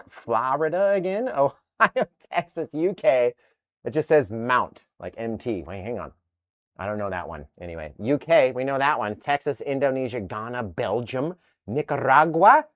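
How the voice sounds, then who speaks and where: A man teaching a live painting tutorial in an upbeat, animated way, often tagging his lines with "right?". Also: medium pitch, no echo, clean studio sound. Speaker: painting instructor.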